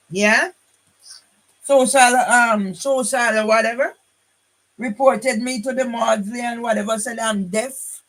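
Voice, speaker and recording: An older woman talking to her phone camera in a rambling, combative monologue, often pausing on a challenging "yeah?". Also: on the high side, poor audio. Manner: combative, repeats tag question "yeah?"; rambling, restarts lines. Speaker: vlogger.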